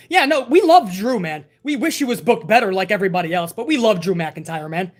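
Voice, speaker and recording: A man's voice: high-pitched, expressive, a little fast. Profane, laid-back male stream host. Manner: profane, laid-back banter, reading viewer messages. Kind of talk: casual live-stream chat.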